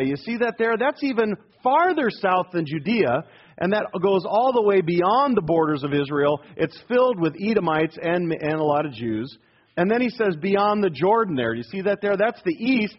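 A man preaching a sermon as pastor, plain-spoken and down to earth, driving points home with rhetorical questions and repetition. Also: high-pitched. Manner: down-to-earth, calls himself rednecky. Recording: dull lo-fi sermon recording.

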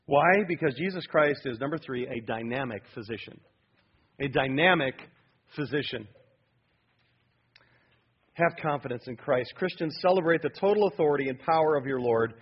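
A man preaching a sermon as a pastor, animated and emphatic, prompting his congregation to answer. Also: mid-range voice, moderate pace, pauses often, breathy edge, dull audio.

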